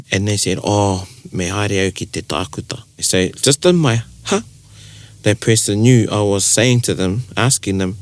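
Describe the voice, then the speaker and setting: A man with a New Zealand accent co-presenting a casual podcast, explaining things in a relaxed way with spoken examples. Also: on the low side, normal speed, few pauses, no room sound.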